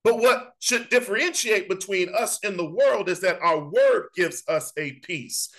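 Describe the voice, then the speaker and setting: High, bright-voiced impassioned preacher. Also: male voice, animated, measured pace, rough recording. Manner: impassioned, repetitive, conversational preaching. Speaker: Bible study teacher. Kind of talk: sermon-style Bible teaching.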